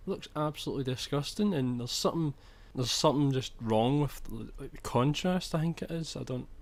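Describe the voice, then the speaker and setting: A man's voice: mid-range voice, brisk, creaky. Chatty young man gaming. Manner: chatty, swears when annoyed, trails off and restarts. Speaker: gaming commentator. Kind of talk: video game commentary.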